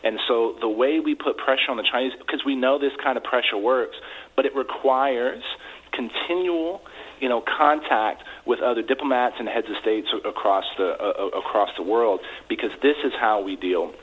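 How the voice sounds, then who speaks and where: A man's voice: mid-range voice, normal speed, husky. A congressman giving earnest interview answers by phone, often repeating words as he starts his sentences. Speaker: congressman guest. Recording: tinny phone line.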